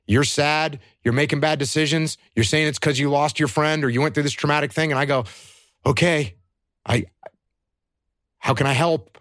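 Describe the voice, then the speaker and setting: A man speaks in an earnest, emphatic way, asking himself questions and answering them at once. He keeps coming back to the same short phrases. His voice sits at an average pitch and sounds dry and close, with no room around it. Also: steady tone, brisk, few pauses, a bit bright, no echo. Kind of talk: earnest conversational advice.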